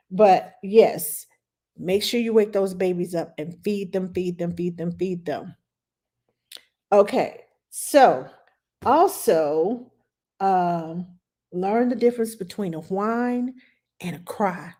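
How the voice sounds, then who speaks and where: A middle-aged woman, a nanny, giving casual baby-care advice in an animated, expressive way, sometimes dropping to a low, soothing tone. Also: slow pace.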